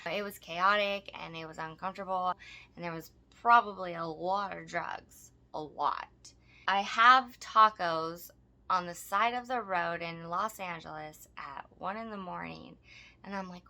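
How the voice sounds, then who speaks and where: A woman's voice: on the low side, pushed and bright. A woman co-hosting a podcast, telling a story casually with lots of swearing and emphasis. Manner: profane, emphatic retelling. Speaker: podcast co-host.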